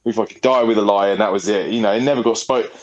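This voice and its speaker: A man's voice: on the low side, fairly even intonation, quick pace, dull audio. A man, a podcast co-host telling a story in a rambling, sweary, casual way. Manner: rambling, sweary, laughing often.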